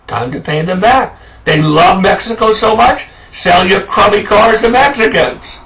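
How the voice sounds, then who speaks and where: A man's voice: sits high, expressive, a little slow, gravelly, a bit bright, recorded from a distance, rough recording. A man delivering an angry, sarcastic political rant as a commentator. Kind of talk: ranting political monologue.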